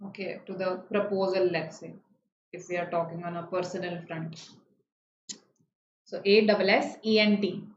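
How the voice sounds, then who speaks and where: A woman's voice: on the low side, fairly even intonation, normal speed, long pauses, roomy sound, dull audio, a little hiss or hum. A woman, teaching a live online vocabulary lesson, explaining words patiently and checking in with students often. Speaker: online exam-prep teacher.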